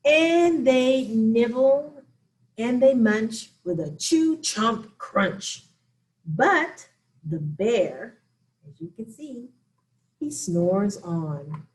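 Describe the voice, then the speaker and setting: Woman children's librarian, slow and expressive storytime reader. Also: fairly high pitch.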